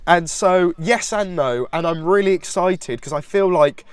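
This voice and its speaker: Congested male podcast co-host, slightly high, eager rambling delivery, dry close mic. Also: unhurried, smooth, no echo. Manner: enthusiastic, rambling with restarts. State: congested from hay fever. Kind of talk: casual music chat.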